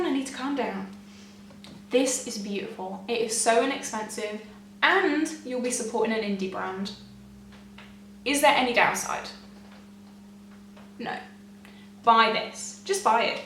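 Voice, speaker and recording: A young woman gushing excitedly to camera as a beauty vlogger, chatty and often laughing. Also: a little high, measured pace, pauses often, slight background noise. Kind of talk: casual chat to camera. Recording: echoey room, mic at a distance.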